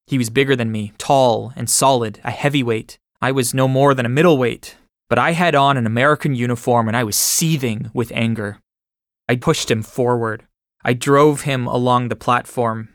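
A man reading a first-person memoir aloud in a measured way. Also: medium pitch, a bit bright, no echo, clean studio sound. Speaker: audiobook narrator.

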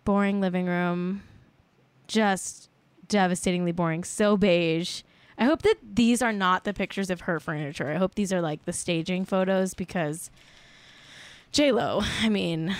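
A woman's voice: on the low side, clear, resonant tone, no room sound. A woman hosting a podcast in casual chat, sarcastic and blunt, swearing freely and filling her talk with "like". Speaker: podcast host.

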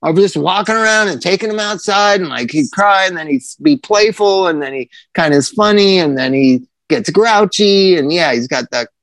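A man in his thirties chatting casually as a podcast co-host, animated and swearing as he tells a story. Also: high voice, normal speed, few pauses, dry recording. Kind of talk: casual chat.

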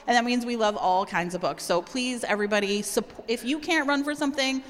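A woman co-hosting a live podcast show on stage, chatty and quick with asides and laughs. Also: fairly high pitch. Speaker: podcast co-host. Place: large hall with live audience. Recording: long hall reverb, audience crowd.

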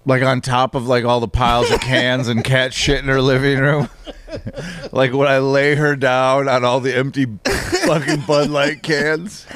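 A man, a comedian guest on a podcast, bantering in a crude, deadpan, matter-of-fact way. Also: mid-range voice, unhurried.

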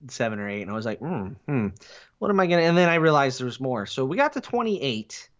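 Brief: male podcast co-host, lively swinging pitch, muffled lo-fi audio, skeptical banter. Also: quick pace. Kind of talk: casual chat.

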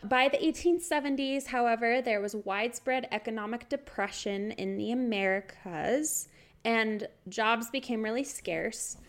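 Young woman podcast cohost, slightly high voice, chatty and giggly. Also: measured pace. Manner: chatty, laughs often, reads history notes. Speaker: podcast co-host. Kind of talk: casual podcast chat.

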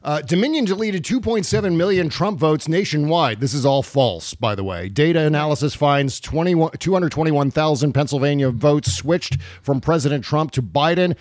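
A man's voice: a little high, expressive, moderate pace, hardly any pauses, a little mellow, no echo. A man co-hosting a casual political podcast, talking in a wry, profane way with many fillers. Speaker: podcast co-host.

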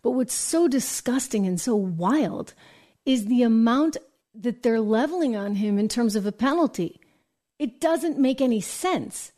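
A woman hosting a news commentary show, talking brisk and emphatic with sarcastic asides. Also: on the high side, expressive, dark tone. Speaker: show host and business reporter. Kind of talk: opinionated political news commentary.

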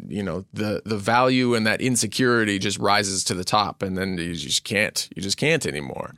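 A man's voice: on the low side, normal speed, bright, forceful tone, dry recording, clean studio sound. A man co-hosting a casual chat about tabletop characters, speaking thoughtfully and restarting his phrases. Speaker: podcast co-host and player.

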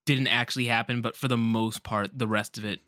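A man in casual chat, telling a quick story with animation. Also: medium pitch, steady tone, pushed and bright, dry recording, studio quality.

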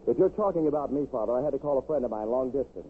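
A man's voice: mid-range voice, expressive, rapid-fire, lightly acted. An actor playing an unhinged, ingratiating young man and murderer in a 1950s radio drama, sly and wheedling. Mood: mocking. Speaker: villain. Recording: tinny, hissy 1950s radio broadcast.

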